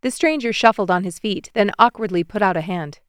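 A woman reading a story aloud as an audiobook narrator, with even, measured storytelling. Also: medium pitch, smooth, no room sound, clean studio sound.

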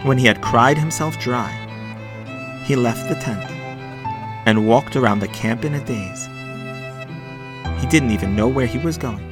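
Male storyteller, expressive children's narration, mid-range voice, faint fiddle underneath. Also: medium pitch. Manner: expressive, slows and hushes for sad moments. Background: faint violin music.

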